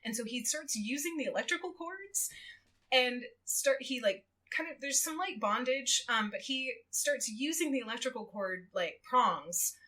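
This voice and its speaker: A woman chatting casually on a podcast, retelling a story with lively acted quotes and frequent laughter. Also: high-pitched, normal speed. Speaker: guest co-host. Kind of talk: casual podcast chat, recapping a book.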